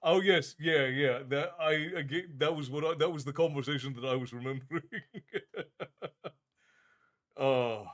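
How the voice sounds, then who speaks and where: A man's voice: medium pitch, fairly even intonation, moderate pace, pauses often. A man hosting a livestream in a tavern-keeper persona, chatting casually and reading out viewer comments in a friendly, easygoing way with frequent restarts.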